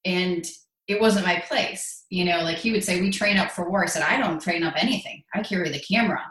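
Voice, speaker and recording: Woman, 40s, lower voice, earnest, self-deprecating, interview guest, echoey. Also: fairly quick, a bit bright. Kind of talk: conversational interview.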